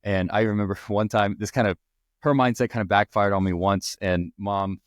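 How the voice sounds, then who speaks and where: A man's voice: on the low side, fairly even intonation, moderate pace, no room sound, studio quality. A young man hosting a podcast, earnestly telling personal stories in a rambling way with restarts. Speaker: podcast host. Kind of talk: personal storytelling.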